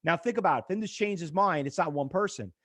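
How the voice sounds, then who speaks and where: A man's voice: on the high side, fast. A middle-aged man teaching a live trading class over a chart on screen, telling stories and acting out quoted exchanges. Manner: animated, storytelling, acts out quoted exchanges. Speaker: trading instructor.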